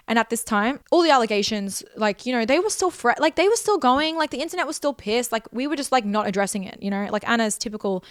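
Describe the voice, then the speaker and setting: A woman's voice: medium pitch, fast, few pauses, no room sound, clean studio sound. A young Australian woman telling a personal story with intense, profane emphasis and repeated phrases. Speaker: vlogger.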